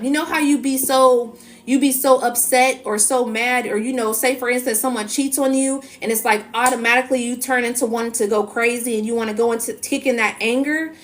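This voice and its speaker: A woman with a slightly high voice talks straight to her viewers, sharing a spiritual energy reading. She is emphatic and loose, piling up fillers and restarting phrases as she drives each point home. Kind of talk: casual spoken monologue to viewers.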